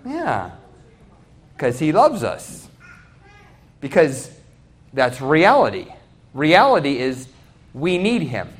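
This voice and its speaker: Male preacher, high lively voice, calls questions out to the congregation. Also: slow pace, pauses often, slightly rough. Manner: animated, questions the congregation directly. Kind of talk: sermon. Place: church.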